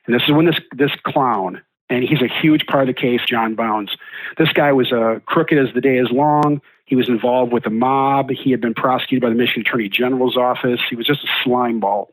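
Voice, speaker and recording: A man's voice: medium pitch, steady tone, fairly quick, no room sound, poor audio. A man recounting his own story as an interview guest, blunt and indignant. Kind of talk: casual recounting of events.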